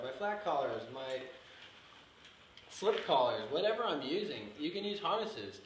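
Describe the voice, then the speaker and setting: Male dog trainer demo, emphatic, repetitive, fairly high voice, echoey room with faint noise. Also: fairly bright tone. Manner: repetitive, emphatic, marking with "yes". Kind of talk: instructional demonstration.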